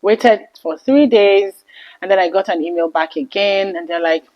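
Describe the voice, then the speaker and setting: A woman in her thirties telling a personal story to camera in an earnest, emotional vlog, her voice often dropping soft. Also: medium pitch, moderate pace, highs cut off. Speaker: vlogger.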